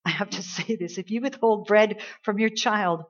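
A woman pastor delivering a sermon, building to emphatic peaks and dropping to soft, earnest tones. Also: medium pitch, moderate pace. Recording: dull lo-fi church recording.

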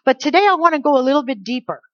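A woman with a slightly high voice walks through a Bible passage in a chatty, teaching manner, often tossing in rhetorical questions to her listeners. The recording is dry and a little muffled. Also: lively intonation, racing, dry recording.

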